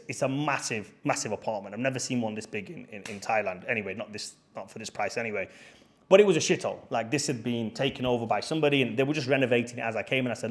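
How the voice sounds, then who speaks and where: A man, a YouTuber, telling a long story in a blunt, casual way, swearing and repeating himself, from an apartment. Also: medium pitch. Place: apartment indoors.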